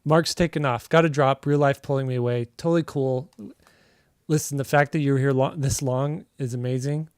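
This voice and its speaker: A man's voice: medium pitch, steady tone, normal speed, a little mellow, clean tone, no room sound, studio quality. Casual rambling man streaming while drawing. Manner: rambling, storytelling with many fillers. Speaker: artist livestream host.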